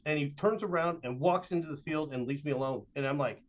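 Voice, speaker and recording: A man's voice: on the high side, quick pace. A middle-aged man from Southern Oregon tells a long story as a guest on a podcast. He is a youth baseball coach. His speech wanders, full of "uh" and "like" and acted-out snippets of dialogue, and the recording sounds slightly dull and lo-fi. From Southern Oregon, USA. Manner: rambling, with frequent "uh" and "like", acting out quoted dialogue.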